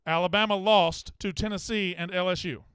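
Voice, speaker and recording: A man's voice: high-pitched, steady tone, fairly quick, fairly bright tone, clear, resonant tone, dry recording, studio quality. A man hosting a live sports call-in show, blunt and profane, often exasperated with callers. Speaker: sports betting show host.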